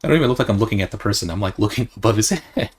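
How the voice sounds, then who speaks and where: A man's voice: lowish voice, animated, rapid-fire, breathy edge. A man casually commentating a video game, jokey and often laughing at it. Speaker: let's play host. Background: faint game music.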